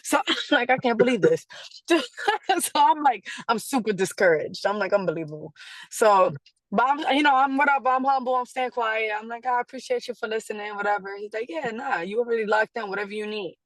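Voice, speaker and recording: A woman being interviewed, telling a story in a casual, animated way, acting out quotes and laughing often. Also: fairly high pitch, brisk, no echo. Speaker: guest artist.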